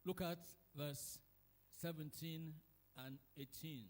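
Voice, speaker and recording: A man's voice: fairly high pitch, fairly even intonation, slow, a little mellow, in a large hall. A Nigerian man preaching a sermon in church, emphatic and acting out quarrels in quoted voices. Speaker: pastor.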